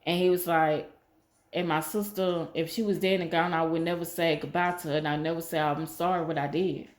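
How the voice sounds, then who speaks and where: Woman vlogger rambling thru a personal story, kinda low voice, repeats herself a lot. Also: steady tone, a little fast. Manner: rambling, repetitive, emphatic.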